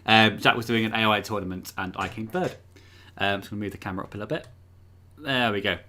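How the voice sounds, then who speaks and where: A man's voice: on the low side, fast, pushed and bright, a little hiss or hum. A man hosting a live stream, chatting casually from home and rambling with lots of ums and uhs. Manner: rambling, filler-heavy, chatty. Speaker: livestream host. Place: room at home.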